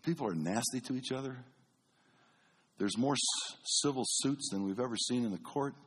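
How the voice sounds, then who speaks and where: Male pastor, husky tone, lively sermon storyteller who goes from quiet to loud. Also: moderate pace. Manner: animated, swings between booming and hushed.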